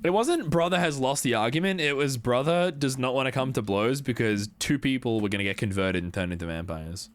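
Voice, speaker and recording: Lively, joking young male streamer. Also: medium pitch, brisk, few pauses. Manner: swears freely, rambling and joking with chat. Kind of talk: casual live-stream chat while gaming.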